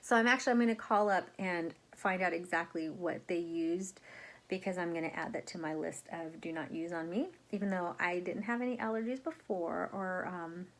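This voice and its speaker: A woman's voice: fairly low pitch, normal speed. Chatty middle-aged woman vlogger. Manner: chatty, rambling, with frequent fillers and acted-out quotes. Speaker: crafting vlogger. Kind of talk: casual storytelling to camera.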